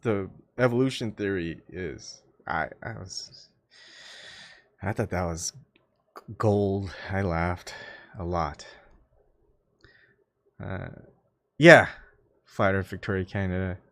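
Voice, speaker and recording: A man hosting his own YouTube channel chats casually with live-stream viewers, rambling and mocking himself with lots of fillers and restarts. His voice sits low but has a fairly bright tone, and he speaks slowly with frequent pauses. The recording is dry.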